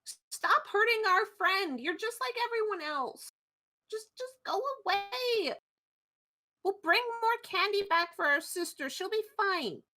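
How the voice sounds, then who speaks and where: A woman voicing a protective young boy rodent who shouts in a high voice. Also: expressive, measured pace, exaggerated voice. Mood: defiant.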